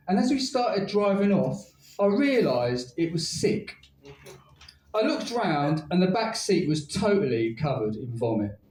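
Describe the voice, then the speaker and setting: Male spoken word poet, wry comic storyteller, lively swooping delivery, recorded at a distance in a roomy venue. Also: fairly high pitch. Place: live spoken word night with an audience.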